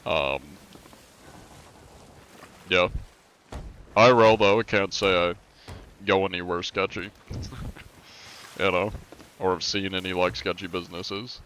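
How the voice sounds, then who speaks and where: A man's voice: deep voice, fairly even intonation, takes it slowly, pauses often, a bit bright, a little hiss or hum. A man from the United States chatting casually on a live game stream, joking as he answers chat questions.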